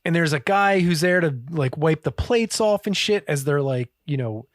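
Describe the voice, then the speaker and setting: A man co-hosting a podcast, telling a story casually and swearing freely in an animated way. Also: fairly high pitch, normal speed, dry recording. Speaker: podcast co-host. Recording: dry close-miked podcast audio.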